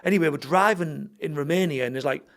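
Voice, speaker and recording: A middle-aged man tells a story in a casual podcast chat, with a voice that sits fairly high for a man. He swears a lot and acts out what each person said. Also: fast, gravelly. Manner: swears freely, tells the story with quoted dialogue. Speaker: guest, fighter and gym owner.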